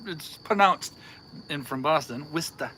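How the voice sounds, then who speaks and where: A man's voice: on the high side, animated, fast talker, pushed and bright, slight background noise. A middle-aged man from Michigan co-hosting a casual outdoor livestream, tossing in short, laid-back remarks. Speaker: co-host. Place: outdoors at night, crickets around.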